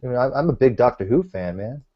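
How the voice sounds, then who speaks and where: A man's voice: mid-range voice, lively intonation, fast talker. Stammery guy hosting a chat, muffled lo-fi sound. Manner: stammering, laughs often. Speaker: host. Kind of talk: casual group chat. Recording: dull lo-fi online call.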